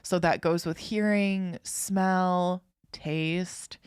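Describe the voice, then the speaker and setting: A woman's voice: on the low side, steady tone, very slow, a little mellow, clean tone, dry recording, studio quality. A young woman co-hosting a podcast, chatting casually and rambling through a story with many fillers and restarts. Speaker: podcast co-host.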